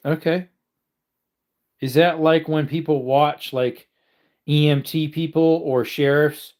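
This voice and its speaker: A man's voice: mid-range voice, a little mellow. A man vlogging from his home kitchen in a rambling casual chat, wandering between topics and talking to his dogs.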